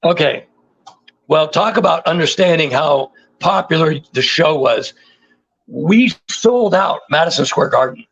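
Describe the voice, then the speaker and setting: Man in his 60s, interview guest, higher voice, animated storyteller, muffled lo-fi sound. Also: unhurried, husky. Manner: animated, repeats words for emphasis.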